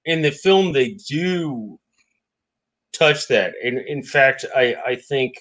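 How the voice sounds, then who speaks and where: Unhurried man, trips on his own words, casual co-host of a book discussion. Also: medium pitch, expressive, a bit bright. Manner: stammering, repeats words while getting started. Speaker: podcast co-host.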